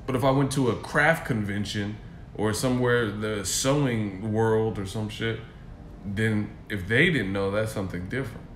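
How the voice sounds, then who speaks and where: A man's voice: fairly low pitch, moderate pace, fairly bright tone, slight background noise. Profane, mocking male streamer. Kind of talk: casual rant. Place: hotel room. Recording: echoey room.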